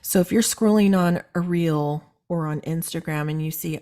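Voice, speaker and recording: A woman hosting a casual chat, telling stories in an animated, chatty way. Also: sits low, moderate pace, few pauses. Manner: chatty, animated storytelling with laughs. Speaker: host.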